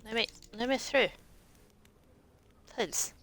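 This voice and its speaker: Woman streamer, sarcastic and joking, bright tone, casual gameplay chatter. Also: a little high, slow pace. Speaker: game streamer.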